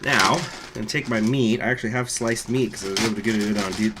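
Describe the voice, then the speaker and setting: A man's voice: on the low side, steady tone, fast, very noisy. A man hosting a gaming channel, chatting casually and rambling to his viewers in an offhand, profane way. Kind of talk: casual chat to live viewers.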